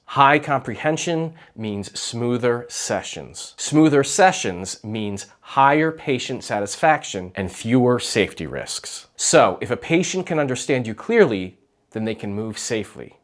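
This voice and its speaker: A man teaching clinical Spanish to therapists, with clear repeat-after-me drills and light jokes. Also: medium pitch. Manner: patient, clear, lightly joking.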